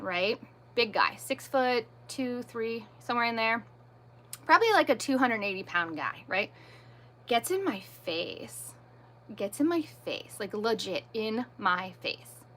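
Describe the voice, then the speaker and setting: A woman in her thirties hosting a livestream, indignantly retelling a confrontation and quoting everyone in it. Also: medium pitch. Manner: animated, indignant retelling with quoted dialogue. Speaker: livestream host. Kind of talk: casual livestream storytelling.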